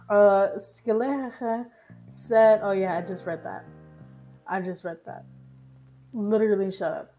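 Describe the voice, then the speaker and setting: A woman's voice: mid-range voice, slow, long pauses, darkish tone, faint music behind. A woman streamer reacting to news stories live, ranting heatedly with lots of swearing and laughter, over choppy stream audio.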